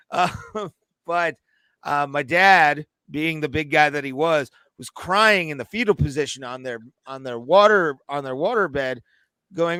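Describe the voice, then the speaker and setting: A man with a bright, smooth, resonant voice tells an animated, cursing story on a podcast. The sound is dry and close on the mic, with no room around it. He talks like a co-host chatting with a friend. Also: on the high side, a little slow, no echo. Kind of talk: casual podcast chat, storytelling.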